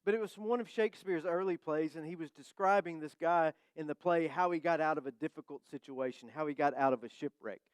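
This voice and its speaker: Clear-voiced man preaching a sermon. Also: a little high, no room sound. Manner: conversational, warm-humored preaching with slow emphatic phrases. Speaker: pastor. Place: church sanctuary.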